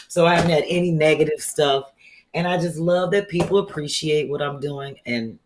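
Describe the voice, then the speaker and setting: A woman's voice: deep voice, moderate pace, background noise. A woman hosting a comedy talk show in casual chat, telling stories animatedly with casual slang and frequent laughter over a video call.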